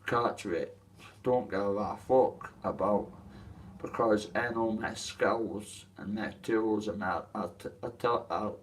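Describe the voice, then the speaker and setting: A man with a Dundee Scottish accent and a voice on the low side rants casually to camera about his boxing, swearing often as he rambles coarsely through his story. The mic is distant and a slight background noise is present; he comes from Dundee, Scotland.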